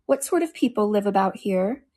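A woman's voice: medium pitch, expressive, normal speed, darkish tone, lightly acted. A woman voicing a polite, curious young girl in a storybook reading, earnest and prim in manner.

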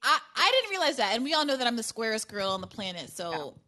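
A woman's voice: fairly high pitch, very animated, fast, bright, forceful tone. A woman hosting a podcast in casual political chat, chatty and self-deprecating, laughing often. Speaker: podcast host.

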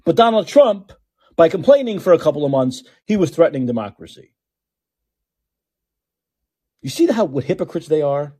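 A man's voice: fairly high pitch, very animated, quick pace, dark tone, husky, dry recording, studio quality. An older man hosting a political call-in podcast, talking in a sarcastic, exasperated way and repeating himself for emphasis. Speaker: podcast host.

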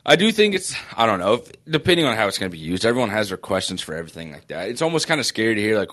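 A man with a lowish voice co-hosts a casual sports podcast. He rambles through self-mocking stories. He sounds sore and breathes with effort. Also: big pitch swings, racing, few pauses, fairly bright tone. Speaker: podcast co-host.

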